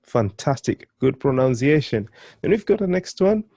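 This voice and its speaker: A man whose first language is Swahili, teaching a beginners' language lesson in a patient, encouraging way. He slows down to model each sound, prompts the listener to try it, and answers with quick praise. The sound is dry and close, with no room echo. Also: mid-range voice, big pitch swings, gravelly, warm tone. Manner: encouraging, prompts learners to repeat, praises often; slow, carefully stretched model pronunciations.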